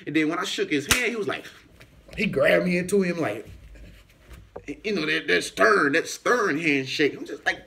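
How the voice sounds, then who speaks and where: Animated man telling a party story. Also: fairly high pitch, fairly quick. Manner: animated, acts out voices in anecdotes, frequent fillers. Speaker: YouTuber. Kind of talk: casual storytelling vlog.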